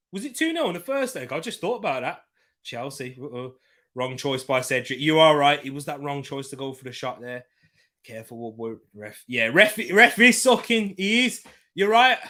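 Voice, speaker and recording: Young man, bright forceful voice, live football watchalong host who swings from shouting at the ref to relaxed chat with viewers. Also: medium pitch, moderate pace. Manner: shouts at referee decisions, then chats calmly with viewers. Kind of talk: live match commentary and chat reading.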